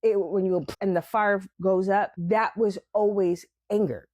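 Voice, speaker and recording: Animated woman talking on a podcast. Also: mid-range voice, measured pace, no echo. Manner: animated, acts out her inner voices with laughter. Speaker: podcast host. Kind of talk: reflective spiritual monologue.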